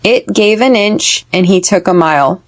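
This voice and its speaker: A woman hosting an English-learning podcast with an American accent. She drills phrases slowly and clearly for listeners to repeat. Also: medium pitch. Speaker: podcast host and English teacher.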